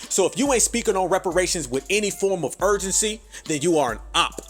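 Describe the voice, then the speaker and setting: A man's voice: high voice, lively intonation, fast talker, a bit bright, soft background music. A podcast host ranting hard and profanely, calling his listeners family as he drives each point home. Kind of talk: ranting commentary.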